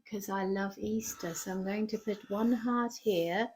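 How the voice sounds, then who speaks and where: A woman's voice: mid-range voice, a little slow, a little mellow, slight background noise. A woman giving a cheerful, encouraging drawing lesson to children, often asking the viewers questions. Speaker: children's art teacher.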